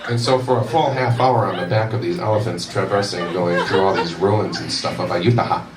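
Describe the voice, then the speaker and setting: Low-voiced man doing stand-up from afar. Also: moderate pace, a loud crowd. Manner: rambling self-deprecating storytelling. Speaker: stand-up comedian. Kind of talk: stand-up comedy storytelling. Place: university event room with audience. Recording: roomy echo, distant mic, audience noise.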